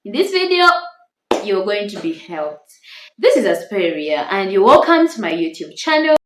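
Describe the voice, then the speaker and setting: A woman's voice: medium pitch, sing-song, normal speed, reverberant, background noise. A woman with a tender, small voice giving an earnest, encouraging devotional talk to camera. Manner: earnest, encouraging, stresses words. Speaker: Christian marriage-tips YouTuber.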